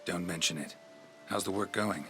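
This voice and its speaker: An actor playing a gruff male monster hunter in a video game, speaking in short clipped lines. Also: sits low, moderate pace, a bit bright, a little hiss or hum.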